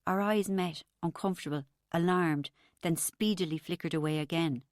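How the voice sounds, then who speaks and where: A woman narrating a first-person audiobook in a measured, intimate storytelling manner on a close mic. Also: low voice, darkish tone, dry recording.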